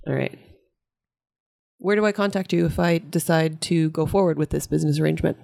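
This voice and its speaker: A woman's voice: low voice, a little fast, vocal fry, warm tone. A woman playing a tabletop game, curious and asking plenty of questions. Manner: curious, asks lots of questions. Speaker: player. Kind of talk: casual tabletop play.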